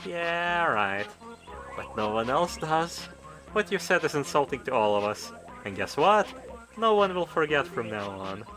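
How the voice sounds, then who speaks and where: A man's voice: on the high side, very animated, a little slow, low-quality recording. A man voicing a smug, cruel male show host who stages a mock trial, in a theatrical, mocking tone over game music. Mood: taunting. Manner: mocking, theatrical, sing-song.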